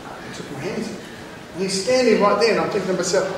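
A New Zealand man speaking as a children's author to a school audience, lively and joking as he acts out a story. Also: high voice, fast talker. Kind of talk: storytelling talk to students. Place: large school hall. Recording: echoey hall, mic far off, noisy.

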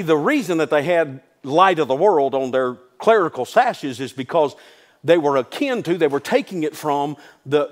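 A man pastor preaching a sermon, telling folksy stories and building to emphatic declarations. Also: fairly high pitch. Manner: folksy asides, calls listeners "son".

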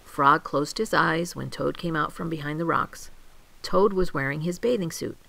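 An older woman reading a children's story aloud, gentle and expressive. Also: low-pitched, normal speed, dry recording, low-quality recording. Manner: gentle, expressive, clearly paced.

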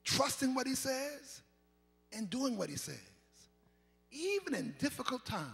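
A man's voice: very high voice, sing-song, a little slow, creaky. Whooping preacher in his fifties. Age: 50s. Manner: chanting, sing-song whooping delivery that builds to shouts. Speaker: pastor. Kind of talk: sermon. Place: large church sanctuary. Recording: live church recording with long reverb and faint organ.

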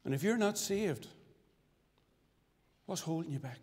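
A man from Northern Ireland giving his testimony as a sermon, with fervent preaching that swings sharply between loud and hushed. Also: on the high side, animated, unhurried. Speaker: testimony speaker at a church. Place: church hall. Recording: church recording with long reverb.

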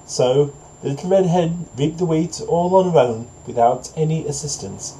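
A man narrating a storybook fable in a measured, moralising way. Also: on the high side, dark tone, rough recording. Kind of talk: storybook narration, then preachy commentary.

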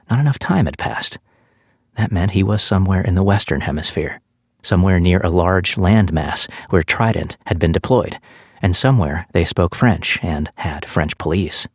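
A man reading an audiobook in steady, scripted narration on a close studio mic. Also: low voice, slightly rough, dry recording.

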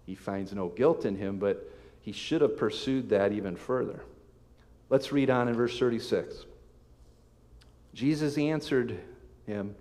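A man preaching a sermon as pastor, reading scripture aloud with emphatic swells and sudden soft drops. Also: mid-range voice, unhurried. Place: church sanctuary. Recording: long hall reverb.

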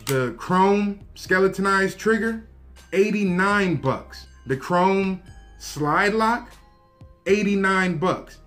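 A man casually reviewing a handgun, talking straight to his viewers in a relaxed, slangy way. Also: high voice. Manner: laid-back, slangy, talks to viewers directly. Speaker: gun review vlogger. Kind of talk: casual show-and-tell review.

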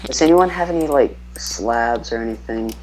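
Very low-voiced woman chatting over game. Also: lively intonation, normal speed, darkish tone, a little hiss or hum, low-quality recording. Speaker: game player. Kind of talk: casual gaming chat.

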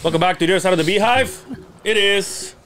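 A man's voice: high-pitched, quick pace, a bit bright. A man hosting a podcast in loose, casual chat, playful and swearing freely. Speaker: podcast host.

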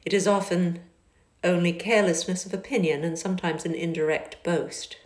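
Lady reading a stiff proud gentleman, low and quiet and curt, echoey car. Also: fairly even intonation, normal speed, close to an everyday voice. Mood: cool. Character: proud reserved young gentleman.

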